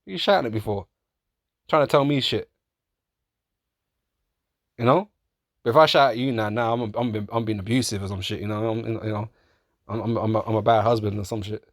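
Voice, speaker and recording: A man preaching in a casual, profane way, often laughing, calling listeners man and bro, and reading scripture slowly in old-fashioned wording. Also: fairly low pitch, steady tone, no echo, studio quality. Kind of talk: street-style sermon, reading scripture.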